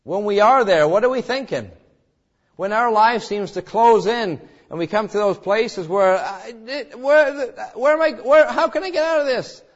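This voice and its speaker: Man, pastor, sermon, dramatic preaching, somewhat high voice, muffled recording. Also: moderate pace. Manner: preaching with dramatic rises, voicing quoted cries and God's words.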